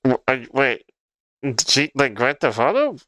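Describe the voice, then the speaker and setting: A man's voice: medium pitch, big pitch swings, unhurried, pushed and bright, no echo, clean studio sound. A young man from Ottawa, chatting casually on a livestream, incredulous and laughing through his words. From Ottawa, Canada. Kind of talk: casual livestream chat reacting to videos.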